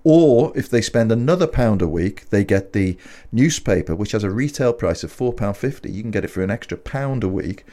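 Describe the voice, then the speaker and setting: A British man co-hosting a podcast, playing up an enthusiastic, jokey salesman's pitch. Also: expressive, brisk, few pauses, dark tone. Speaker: podcast co-host. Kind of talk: casual chat and host-read promo.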